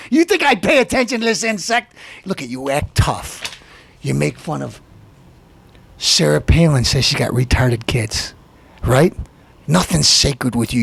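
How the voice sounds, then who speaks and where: A man with a high, gravelly voice hosts a comedy show and launches into a mocking rant. His pitch swings wildly from low mutters to shouted jabs. The sound is dry and close. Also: no room sound. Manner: mocking, taunting, shouting outbursts.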